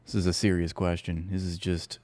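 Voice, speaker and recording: Low-voiced sarcastic man streaming. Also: flat delivery, fairly quick, a little mellow, no room sound. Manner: sarcastic, profane, rambling. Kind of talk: live reaction commentary.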